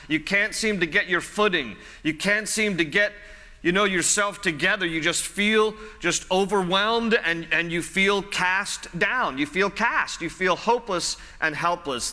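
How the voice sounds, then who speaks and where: A man's voice: sits high, bright, forceful tone. A man preaching a sermon in a conversational way, repeating phrases for emphasis. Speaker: pastor. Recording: long hall reverb.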